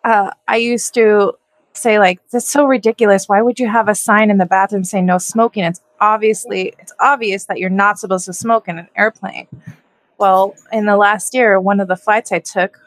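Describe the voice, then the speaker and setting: A woman's voice: mid-range voice, steady tone, moderate pace, no echo, poor audio. A woman in casual chat, telling stories and laughing between them.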